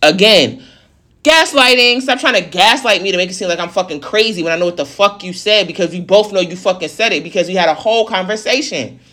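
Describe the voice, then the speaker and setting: A vlogger venting through a personal story, blunt and full of swearing. The sentences pile up fast and run together in a heated, unfiltered flow. The pitch sits right in the middle of the usual range. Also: sharp tone. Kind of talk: casual storytelling rant.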